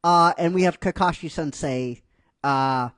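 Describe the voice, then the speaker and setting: A man's voice: fairly high pitch, unhurried, a bit bright. A man casually retelling a fan-written script scene by scene, rambling and hesitant with many fillers. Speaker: narrator.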